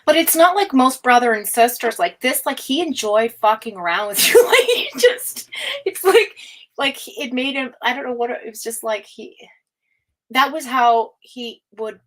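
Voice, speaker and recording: A woman's voice: a little high, normal speed, fairly bright tone, poor audio. Chatty woman doing a tarot reading. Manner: chatty, filler-heavy, laughs often, swears casually. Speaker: tarot reader. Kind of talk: live-stream psychic reading.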